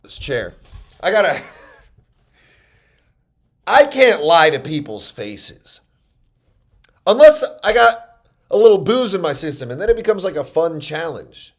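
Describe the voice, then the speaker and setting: A man's voice: on the high side, sing-song, unhurried, long pauses. A man with a New York accent, a stand-up comedian telling stories in a casual, rambling monologue, mocking himself and often restarting his sentences.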